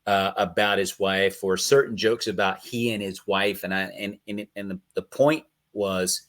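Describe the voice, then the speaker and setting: A man's voice: fairly low pitch, steady tone, normal speed, fairly bright tone. A man hosting a casual interview, telling stories, laughing often and acting out quotes. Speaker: podcast host.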